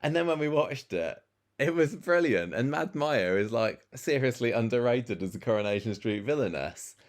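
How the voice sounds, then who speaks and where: A man co-hosting a podcast in casual chat, animated and jumping up in pitch when something excites him. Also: normal speed. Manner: chatty, jumps up in pitch when enthused. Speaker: podcast co-host.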